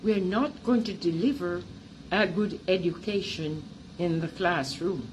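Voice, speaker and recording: Slow-spoken Jamaican woman. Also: fairly low pitch, noisy background. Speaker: teacher and artist. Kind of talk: presentation talk about her artwork.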